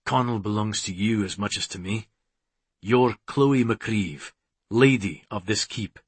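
A man voicing a brooding immortal Highland warrior, speaking low, hushed and tender. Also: a little slow, husky, no room sound. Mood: earnest.

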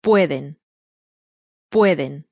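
A woman modeling single words for learners to repeat, slowly and deliberately. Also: low voice, lively intonation, creaky, darkish tone, no room sound, studio quality. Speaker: course speaker modeling pronunciation.

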